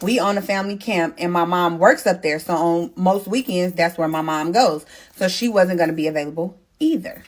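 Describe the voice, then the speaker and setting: A young pregnant woman hosting a casual storytime, telling her story in an animated, blunt way, swearing freely and talking straight to her viewers. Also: fairly low pitch, moderate pace. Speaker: storytime host.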